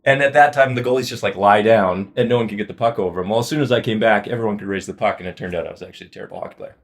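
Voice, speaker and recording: A man in his thirties with a fairly low voice, a podcast guest in easy conversation. He tells lively, self-deprecating stories in a relaxed, chatty way. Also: racing. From Saskatchewan, Canada. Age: 30s. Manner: animated storyteller, self-deprecating. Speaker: podcast guest, wealth advisor. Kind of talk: casual conversation.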